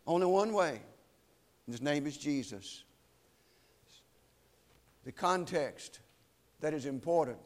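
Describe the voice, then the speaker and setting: Male preacher, slightly higher voice, solemn and emphatic, slows for weighty lines. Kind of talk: sermon.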